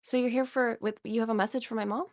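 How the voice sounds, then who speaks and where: A woman's voice: a little high, steady tone, fast, darkish tone, voice pushed up, close to an everyday voice. A woman voicing a shy young boy who talks to himself nervously and hesitates. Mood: curious. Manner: hesitant, nervous, self-coaching.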